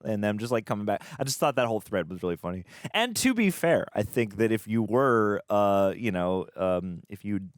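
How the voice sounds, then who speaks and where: A low-voiced man talks through a film he just watched, rambling and restarting his sentences as he goes. The sound is dry and close, with no room echo. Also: animated. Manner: rambling, halting, many fillers and restarts. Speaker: movie reaction co-host. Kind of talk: casual chat.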